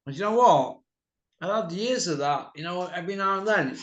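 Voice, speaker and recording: A middle-aged man telling a rowdy story in casual chat, mouthy and quick to laugh. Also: sits high, lively intonation, lo-fi sound. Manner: mouthy, laughs a lot, slips into quoted voices. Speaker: podcast host. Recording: echoey room.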